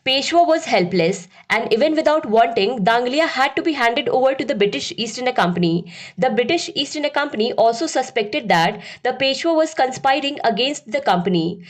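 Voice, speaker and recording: A woman narrating a scripted history lesson as a teacher, in a steady, explanatory lecturing manner. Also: a little high.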